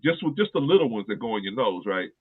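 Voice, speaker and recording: Husky-voiced man on a tinny line. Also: medium pitch, big pitch swings, fast. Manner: earnest, repeats phrases for emphasis. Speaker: podcast host. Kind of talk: casual chat, personal storytelling.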